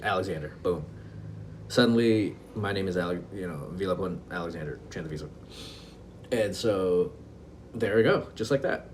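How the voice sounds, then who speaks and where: A man in his forties from Laos tells a story from his own life on his podcast, his voice sitting low. He talks casually and wryly, poking fun at himself and backing up to restart his sentences. A faint noise runs under the close-miked recording. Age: 40s. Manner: wry, self-deprecating, halting with frequent restarts. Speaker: podcast host. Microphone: close podcast mic, audio only.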